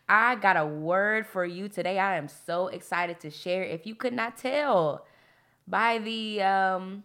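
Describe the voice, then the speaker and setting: A young woman hosting a devotional podcast, chatty and animated with preacher-like emphasis and frequent laughs. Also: medium pitch, moderate pace. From Texas. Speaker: podcast host and faith coach. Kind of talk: casual devotional podcast talk.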